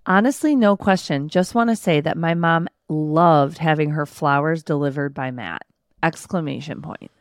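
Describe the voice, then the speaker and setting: A woman co-hosts a podcast in loose, chatty talk, laughing easily between questions. Her voice sits low for a woman, and the sound is dry and close with no room around it. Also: moderate pace, no room sound. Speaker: podcast co-host. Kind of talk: casual chat.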